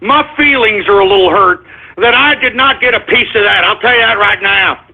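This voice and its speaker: Male radio host, high husky voice, excitable and flustered, tinny phone-like audio. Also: moderate pace. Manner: excitable, flustered, repeats apologies. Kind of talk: call-in radio monologue.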